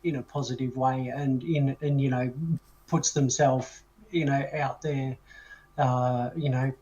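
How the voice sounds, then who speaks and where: A man's voice: medium pitch, little pitch movement, measured pace, a little mellow, dull audio. A man with an Australian accent, a guest songwriter, talking in an easygoing, rambling way. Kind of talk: casual podcast chat.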